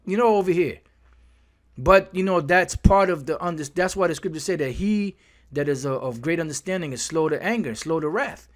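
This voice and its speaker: He preaches from scripture in anger, his voice a little high and his pace moderate. Heavy swearing and stumbling repetitions mark his fiery, profane way of building up every point.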